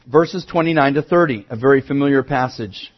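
A male pastor preaching a sermon, moving from quiet asides to emphatic raised declarations. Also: mid-range voice, a little fast, muffled recording.

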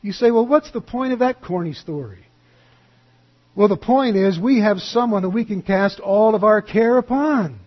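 Male pastor, sermon delivery, high husky voice, slightly dull recording. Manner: earnest preaching with animated storytelling, softening to a hushed close.

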